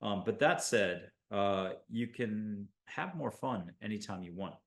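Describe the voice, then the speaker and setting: A man from the United States hosting a spiritual show, talking in an enthusiastic, rambling monologue full of animated asides. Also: fairly low pitch, unhurried. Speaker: host.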